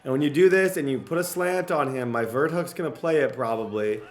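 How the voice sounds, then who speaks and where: A young man giving casual gameplay commentary as a gaming video creator, excitable and repetitive, cheering his own plays. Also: medium pitch, a little fast. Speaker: gaming YouTuber. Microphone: desk mic, no face cam.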